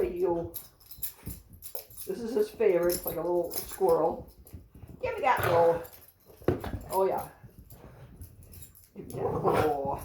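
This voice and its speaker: A woman's voice: lowish voice, sing-song, takes it slowly, long pauses, echoey room, distant mic, noisy background. A woman chatting casually at home while giving cheerful commands to her three dogs. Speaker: therapy dog handler.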